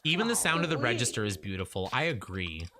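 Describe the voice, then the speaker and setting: Man, thirties, chatty game streamer talking to his characters, lively up-and-down delivery, noisy stream audio. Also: mid-range voice, fast. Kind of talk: casual gameplay commentary. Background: game sounds.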